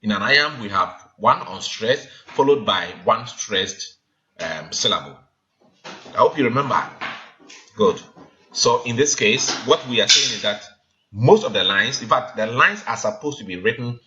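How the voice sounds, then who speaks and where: A low-voiced man teaches a poetry lesson, hesitating often and counting syllables aloud. His tone is sharp and forceful. The recording is muffled, with a faint hiss underneath. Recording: dull lo-fi sound with faint noise.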